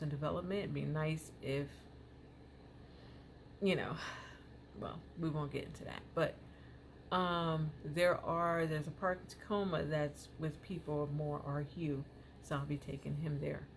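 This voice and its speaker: Low gravelly-voiced woman chatting casually. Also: a little hiss or hum. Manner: rambling, filler-heavy, many "you know"s. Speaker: parent vlogger. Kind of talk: casual chat to camera.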